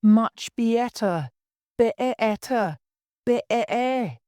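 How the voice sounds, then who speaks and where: A woman's voice: a little high, animated, drawn-out words, mellow, smooth, no room sound, clean studio sound, pitched above the performer's own voice. Woman doing a fussy old queen. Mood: wailing.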